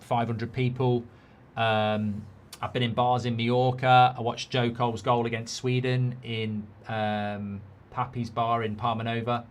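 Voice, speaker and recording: A man's voice: mid-range voice, a little hiss or hum. A middle-aged man from England hosting a live football watchalong. He is blunt and opinionated, swears casually and reads out viewer comments.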